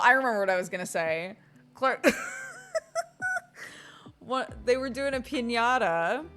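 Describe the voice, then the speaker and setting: A woman's voice: mid-range voice, a bit bright. An American woman in her thirties, a streamer chatting casually and telling stories with lots of laughter, acting out the voices of people she quotes. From United States. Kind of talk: casual chat.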